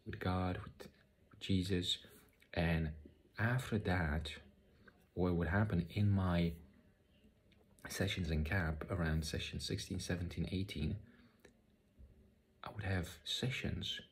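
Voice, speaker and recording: A man telling a personal spiritual story in a halting way, often repeating words and using many fillers. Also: low voice, darkish tone. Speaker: spiritual vlogger. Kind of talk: personal testimony monologue.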